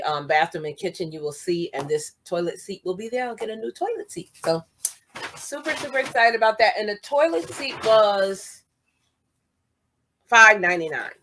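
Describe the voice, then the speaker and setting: A chatty woman talks casually through her bargain shopping haul. She reads product labels aloud and repeats each price. Her pitch sits at an ordinary middle level for a woman. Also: fairly bright tone. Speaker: vlogger showing a shopping haul.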